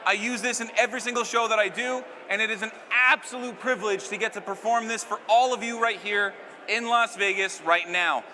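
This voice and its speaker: Bright-voiced man doing stage magic. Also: sits high, fairly even intonation, a little fast, big-room sound, a little hiss or hum. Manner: joking, playful crowd banter. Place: live stage at a convention.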